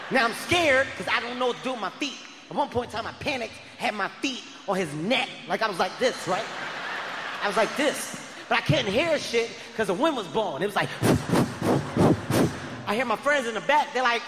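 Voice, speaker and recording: High-voiced man shouting stand-up punchlines. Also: moderate pace, a little hiss or hum. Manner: loud, animated, often shouting punchlines. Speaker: stand-up comedian. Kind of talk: stand-up storytelling. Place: large arena stage before a live crowd. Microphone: handheld stage mic. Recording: arena reverb with loud crowd.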